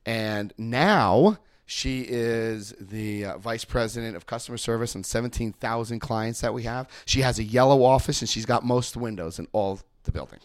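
A man giving personal testimony and leading a recovery step study, telling stories with animated emphasis and repeated phrases. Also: medium pitch, normal speed, no room sound. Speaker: recovery group speaker.

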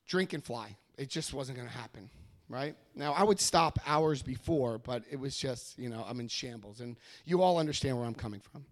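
A man giving a personal testimony at a recovery meeting, telling his story with animated energy and acting out what people said. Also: medium pitch. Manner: animated storytelling, acts out quoted voices. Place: meeting room before a live audience.

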